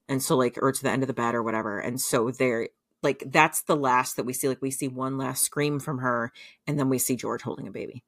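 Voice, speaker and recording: Young adult female podcast co-host, deep low voice, casual storyteller, filler-heavy, laughs easily. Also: fairly even intonation, fairly quick. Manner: chatty, many fillers, laughs often.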